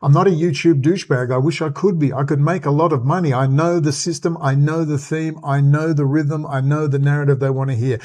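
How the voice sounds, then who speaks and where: A man's voice: a little high, steady tone, brisk, hardly any pauses, a little mellow. An Australian man hosting his own channel, delivering an agitated, rambling, profane commentary rant. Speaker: channel host.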